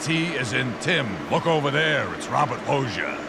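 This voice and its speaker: A man playing an older male celebrity who spells his own name with deadpan self-importance. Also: medium pitch, moderate pace, creaky. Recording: cartoon clip with loud background noise.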